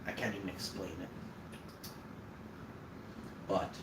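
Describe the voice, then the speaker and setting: A man's voice: low voice, steady tone, takes it slowly. A man from Manitoba, rambling bluntly in a casual monologue to his viewers, swearing offhandedly. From Manitoba, Canada. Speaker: vlogger. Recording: roomy, distant mic, noisy background.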